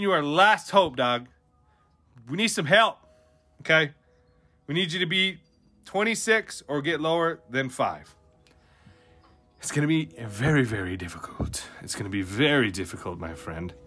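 A young man hosting a card pack opening, talking in an animated, slangy way with lots of "dude" and "bro". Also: medium pitch. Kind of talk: excited live commentary on pack openings. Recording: faint music behind.

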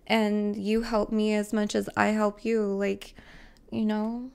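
A woman with a gravelly, creaky voice gives a heartfelt tarot reading straight to her viewers. She is emotional and close to tears, repeats herself for emphasis, and swears casually along the way. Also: medium pitch, monotone, takes it slowly, a little mellow. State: tearful, emotional. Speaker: tarot reader. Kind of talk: spiritual tarot reading to camera.

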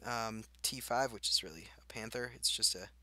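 Bright-voiced young man narrating gameplay. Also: lowish voice, normal speed. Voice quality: chatty, reacts aloud, laughs at himself. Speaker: gaming channel host. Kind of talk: casual gameplay commentary. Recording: faint game noise behind.

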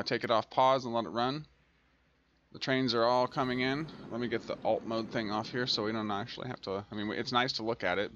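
A man's voice: medium pitch, pushed and bright, a little hiss or hum. A man hosting a let's-play, talking through a transport tycoon game and scolding it when things go wrong. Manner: grumbles and scolds the game aloud. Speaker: gaming channel host. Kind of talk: casual let's-play commentary.

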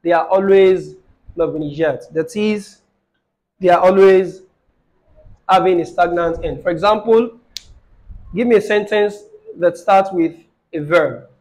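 Brief: male tutor with a high voice, patient, checks in often, repeats each phrase slowly. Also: darkish tone, low-quality recording. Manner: asks the student questions and repeats phrases slowly. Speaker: Arabic grammar teacher. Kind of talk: live online lesson with a student.

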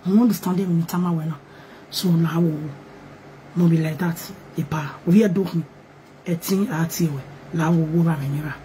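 A woman's voice: low-pitched, steady tone, moderate pace, warm tone, a little hiss or hum, rough recording. A woman with a Nigerian accent talking on a live video, pleading and apologizing, switching between English and pidgin. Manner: pleading, mixes English and pidgin with singing chant. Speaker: online gist host.

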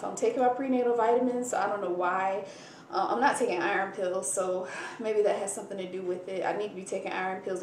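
A woman's voice: mid-range voice, a little hiss or hum. A young woman chatting candidly to her camera at home in a pregnancy update vlog. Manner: chatty and candid, grateful, emotional at times. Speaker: vlogger. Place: room at home. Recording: roomy, distant home camera recording with faint ambience.

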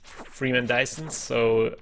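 A man's voice: medium pitch, fairly even intonation, a little slow, vocal fry, fairly bright tone, slight background noise. A man giving chatty let's-play commentary, thinking aloud and exclaiming at what he finds in the game. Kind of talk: gameplay commentary.

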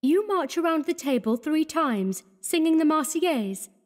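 A man doing a soft, high young woman. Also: expressive, moderate pace, long reverb tail. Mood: cheerful. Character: young Parisian woman, gentle and quietly anxious.

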